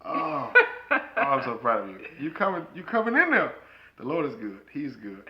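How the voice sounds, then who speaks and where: A man co-hosting a marriage podcast, talking in a playful, preachy way with bursts of loud excited laughter. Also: medium pitch, normal speed, vocal fry, muffled recording. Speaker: podcast co-host. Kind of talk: casual chat.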